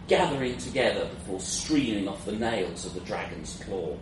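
A man's voice: on the low side, animated, normal speed, few pauses. A man narrating a first-person fantasy story in a wry, self-mocking way, in a roomy, distant, noisy recording.

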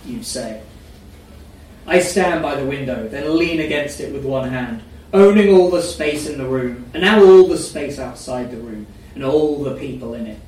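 A man giving a dry, deadpan live reading of a first-person story. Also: medium pitch, moderate pace. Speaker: story reader. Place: reading event in a room. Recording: echoey room, mic far off, faint noise.

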